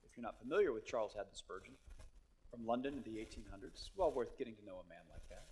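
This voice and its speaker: A man preaching a sermon, moving between hushed storytelling and loud, emphatic exhortation. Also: lowish voice, lively intonation, fast, husky.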